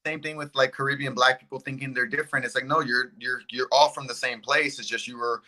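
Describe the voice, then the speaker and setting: A man speaks as a guest on a podcast over a video call. His voice is bright and forward at an average pitch. He talks in a loose, laid-back way. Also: fairly even intonation, fast talker. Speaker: guest, UFC fighter. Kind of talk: casual interview chat. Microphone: video call without earbuds.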